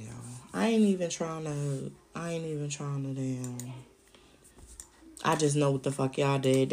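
A woman's voice: a bass voice, a little hiss or hum. A woman hosting a podcast alone, ranting in a heated, profane delivery. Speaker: podcast host. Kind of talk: solo podcast rant.

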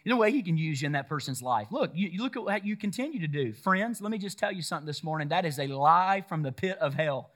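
A man's voice: fairly high pitch, animated, fast, hardly any pauses, fairly bright tone. A man preaching a sermon in a church service, firing rhetorical questions and leading call-and-response. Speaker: pastor.

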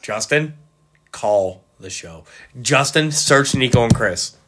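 A man's voice: mid-range voice, animated, fairly bright tone. Playful laughing man co-hosting a podcast. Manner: playful, laughs often, quick asides. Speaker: podcast co-host. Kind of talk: casual sports podcast banter.

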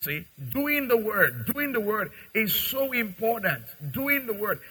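Bright, husky-voiced preaching man. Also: high-pitched, big pitch swings, unhurried, poor audio. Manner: preaching with dramatic acted-out dialogue and big swings in loudness. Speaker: pastor. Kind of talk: sermon.

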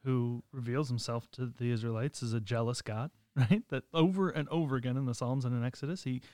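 A man co-hosting a podcast, telling a story in an animated way and laughing often. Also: medium pitch, a little fast, no echo, clean studio sound. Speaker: podcast co-host. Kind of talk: casual storytelling.

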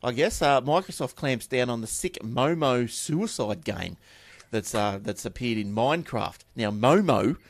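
A man's voice: mid-range voice, animated, measured pace, dry recording. Chatty Australian man reading tech news. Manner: chatty, offhand asides and repeated words. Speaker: tech podcast host reading news stories. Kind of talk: casual chat and news reading.

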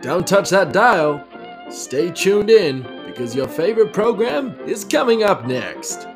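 A man putting on a slow, drawn-out announcer voice for a podcast station intro. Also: sits high, very animated, pitched above the performer's own voice, full character voice. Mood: announcing. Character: man announcer with a mock old-radio voice. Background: guitar and fiddle music.

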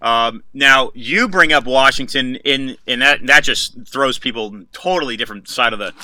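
Bright-voiced hesitant male interviewer. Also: mid-range voice, rough recording. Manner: halting, many fillers and restarts. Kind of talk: casual interview.

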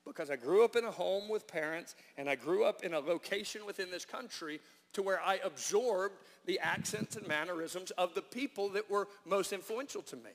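A man preaching a sermon as pastor, hushed when praying and emphatic when driving points home. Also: sits high, normal speed. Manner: prayerful and hushed in prayer, then animated and emphatic when preaching. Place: church sanctuary. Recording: reverberant church hall.

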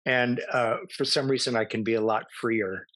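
A middle-aged man, an actor, telling animated, self-amused anecdotes as an interview guest. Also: medium pitch, normal speed, dry recording. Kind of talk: casual interview storytelling.

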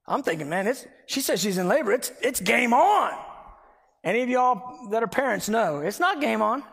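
Gravelly, husky preacher man. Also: sits high, brisk. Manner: emphatic, animated storyteller. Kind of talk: sermon with personal storytelling. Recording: long hall reverb.

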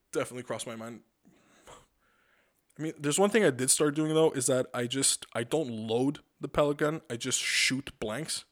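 A man hosting a podcast, telling rambling, profane stories with lots of stammered restarts. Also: mid-range voice. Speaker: podcast host. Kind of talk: casual comedic monologue.

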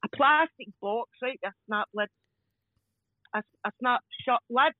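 A Scottish woman telling stories casually as a podcast guest, animated and laughing often as she acts out voices. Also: on the high side, measured pace, no echo. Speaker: podcast guest, crime scene cleaner. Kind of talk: casual storytelling chat. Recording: dull lo-fi dry sound.

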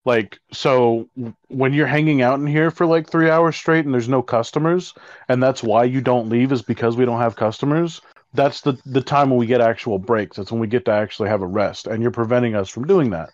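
A man's voice: medium pitch, fairly quick, dry recording. A man in casual chat, rambling and exasperated as he tells a story, swearing freely. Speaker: co-host telling a work story. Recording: dry, slightly dull recording.

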